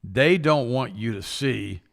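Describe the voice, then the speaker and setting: A man's voice: mid-range voice, lively intonation, slow pace, creaky, long reverb tail, crowd noise. A man co-hosting a talk show, speaking in an emphatic, impassioned way and often repeating himself. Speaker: co-host. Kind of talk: casual talk-show commentary.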